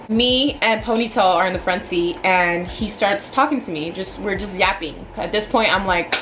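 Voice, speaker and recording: A woman in her twenties telling a storytime vlog in a chatty, animated way, full of "like" and asides. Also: medium pitch, measured pace, a little hiss or hum, rough recording. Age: 20s. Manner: animated, chatty, filler-heavy. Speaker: vlogger. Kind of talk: casual storytime.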